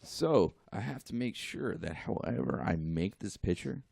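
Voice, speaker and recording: Low-voiced man telling a lively story. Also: unhurried, creaky, no room sound, studio quality. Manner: animated, laughing, acts out quotes. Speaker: artist guest. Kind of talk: casual storytelling.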